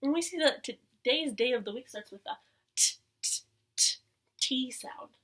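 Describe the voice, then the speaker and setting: Bright, sing-song preschool teacher woman. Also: high-pitched. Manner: animated sing-song teacher voice with gasps and drawn-out words; often drops to a soft whisper. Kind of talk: circle time lesson for young children. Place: at home.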